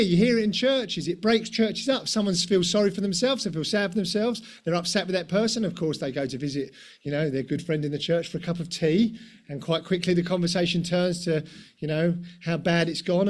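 High-voiced man preaching a conversational sermon. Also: brisk. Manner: rhetorical questions and tag questions, self-deprecating asides.

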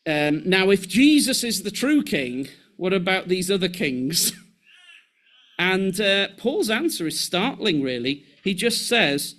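Male preacher, high voice that swings widely, animated, acts out voices, restarts phrases. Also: slow pace. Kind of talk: sermon.

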